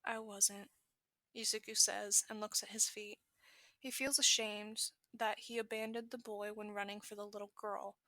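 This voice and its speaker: A woman's voice: mid-range voice, little pitch movement, pushed and bright, no echo. A woman reading a fan fiction story aloud, correcting small slips as she goes. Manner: brisk reading with self-corrections. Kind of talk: podfic narration.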